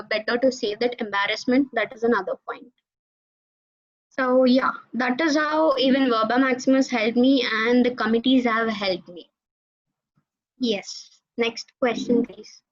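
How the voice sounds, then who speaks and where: A young woman, giving an animated alumni talk to students over a video call. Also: a little high, measured pace. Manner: animated storytelling, addresses audience directly. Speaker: alumni guest speaker. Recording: dull lo-fi video call audio.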